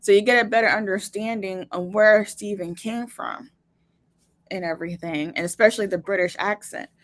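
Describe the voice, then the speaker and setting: A woman's voice: medium pitch, fairly even intonation, moderate pace, no room sound. Chatty woman podcast co-host, dry sound. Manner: conversational, fillers like "you know" and "like", acts out quoted thoughts. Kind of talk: casual chat reviewing a TV episode.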